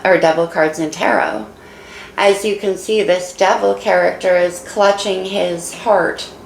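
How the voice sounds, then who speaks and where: Tarot reader, woman, low gravelly voice that is fading, emotional and encouraging, echoey room with faint hiss. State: losing her voice. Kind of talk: casual tarot reading.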